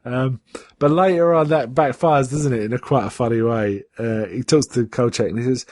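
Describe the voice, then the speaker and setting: Male podcast co-host, casual recap, mid-pitched, close and dry, lots of ums and restarts. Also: normal speed, no echo. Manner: animated retelling, acts out quotes in a raised voice; chatty, with many fillers and restarts. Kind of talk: casual episode recap chat.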